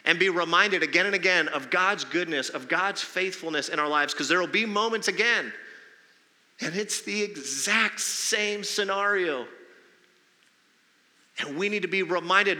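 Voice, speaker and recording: A man's voice: sits high, measured pace, pushed and bright. A male pastor preaching a sermon in a conversational way, pressing the congregation with rhetorical questions. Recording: long hall reverb.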